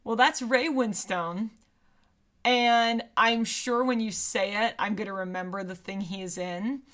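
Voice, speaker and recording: Animated woman co-hosting a movie podcast. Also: mid-range voice. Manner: animated, laughs often, quick asides. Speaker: podcast co-host. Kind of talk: casual movie chat.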